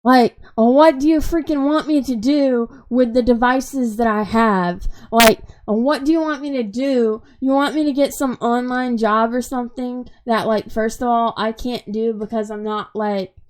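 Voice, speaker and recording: A woman's voice: a little high, a little slow, few pauses. A woman in her twenties venting in an unscripted vlog, upset and frustrated, rambling and full of "like" fillers, with a sarcastic edge. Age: 20s. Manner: rambling, heavy use of "like" fillers. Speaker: vlogger.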